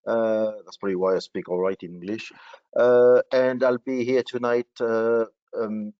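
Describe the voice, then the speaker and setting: Low-voiced man, dry audio. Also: steady tone, a little slow, no room sound, highs cut off. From France. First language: French. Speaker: honorary consul. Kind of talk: webinar introduction.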